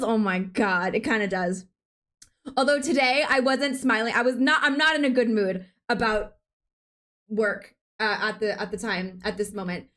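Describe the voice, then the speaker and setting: High-voiced young woman streamer. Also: a bit bright. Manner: rambling, laughs often. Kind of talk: casual chat while gaming.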